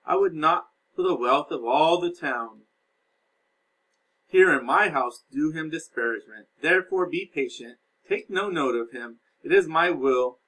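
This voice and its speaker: A man voicing a stern older nobleman who loudly commands his angry nephew in a lesson reading. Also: fairly high pitch, lively intonation, measured pace, rough recording. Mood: commanding. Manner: loud, commanding, emphatic.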